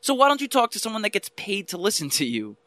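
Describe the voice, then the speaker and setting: A man's voice: sits high, wildly swooping pitch, fast, bright, forceful tone, dry recording. A man co-hosting a casual podcast, speaking emphatically and from the heart, often repeating his words. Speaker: podcast co-host.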